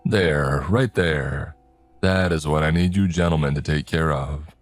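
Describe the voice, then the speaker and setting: A man voicing a folksy older man in a cowboy hat, a drawling, friendly property owner who talks slowly. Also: extremely low pitch, soft background music. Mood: pointed.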